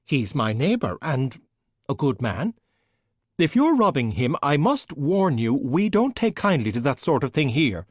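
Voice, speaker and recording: A man's voice: big pitch swings, measured pace, slightly rough, dry recording, clean studio sound. A man voicing a dramatic, tearful middle-aged woman neighbour who wails and sobs in an audiobook. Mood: flustered. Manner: shrill, wailing sobs. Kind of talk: audiobook character voice.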